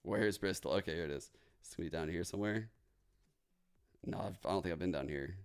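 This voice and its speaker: A streamer from New Orleans, United States, hosts a watch party, talking fast in a low, smooth voice. His casual chat is profane and joking, full of out-loud reactions.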